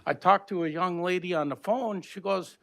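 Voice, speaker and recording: An older man from Minnesota giving an aggrieved, blunt public comment at a county board meeting, plain-spoken with rough grammar. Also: high-pitched, normal speed, fairly bright tone. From Minnesota, USA.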